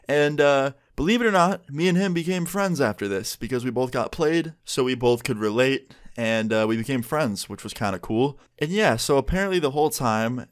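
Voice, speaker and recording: A man's voice: mid-range voice, clean tone. A young man in his twenties, chatty and candid, casually swearing as he tells a storytime vlog. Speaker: vlogger.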